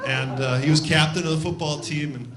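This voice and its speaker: A man's voice: a little high, fairly even intonation, a little fast, loud music behind the voice, over a noisy crowd. A man from Ohio doing a loose, self-deprecating stand-up routine on a comedy club stage. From Cleveland, Ohio.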